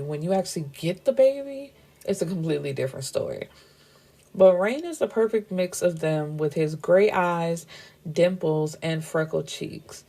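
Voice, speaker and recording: A woman's voice: deep voice, vocal fry, a little mellow. A woman casually recapping a novel's plot as a book reviewer, chatty and full of fillers and self-corrections.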